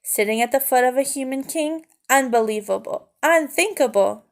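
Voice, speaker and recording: A woman voicing a stern, anxious father mouse in a storybook read-aloud, speaking in slow, emphatic declarations. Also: high-pitched, expressive. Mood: outraged.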